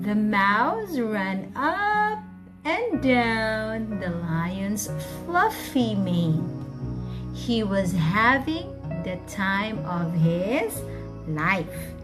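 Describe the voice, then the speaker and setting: Slow, animated woman reading to children. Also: medium pitch. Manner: animated, coaxing questions to young listeners. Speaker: teacher and storyteller.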